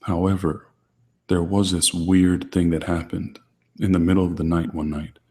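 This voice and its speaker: A man hosting his channel, answering viewer questions in a calm, deliberately quiet, restrained way. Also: low voice, big-room sound. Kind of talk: low-key livestream chat.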